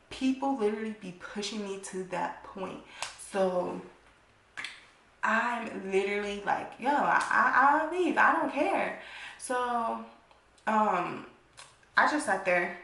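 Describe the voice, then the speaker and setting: A woman's voice: medium pitch, gravelly, a bit bright. A young adult woman vlogger telling a blunt, profane storytime and acting out the people in it. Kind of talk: storytime vlog. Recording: echoey room.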